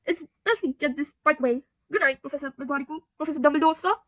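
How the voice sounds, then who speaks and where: A woman reading the lines of a huge, shaggy, gentle male giant, tearful and sobbing, in a storybook reading. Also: high-pitched, fast, no room sound.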